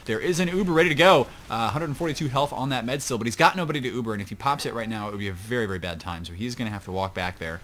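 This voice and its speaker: Male shoutcaster, lowish voice, chatty rambling delivery with jokey asides, faint hum behind. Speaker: esports shoutcaster. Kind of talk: casual play-by-play game commentary.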